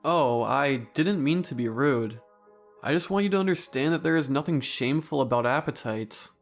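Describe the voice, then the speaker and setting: A man voicing a huge gluttonous man who preaches endless hunger in a hushed, wheezing, fervent voice. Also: medium pitch, lively intonation, moderate pace, faint music behind, voice pushed up, natural voice. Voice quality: wheezing, snarling.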